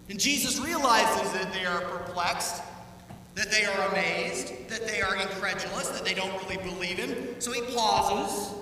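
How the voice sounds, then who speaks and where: A high-pitched, bright-toned man preaches a lively sermon, acting out the quoted voices as he goes. He sounds a little far from the mic, and his voice rings through a church with a long reverb tail. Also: moderate pace, a little hiss or hum. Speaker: pastor. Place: church sanctuary. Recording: echoey church hall, heard from a distance.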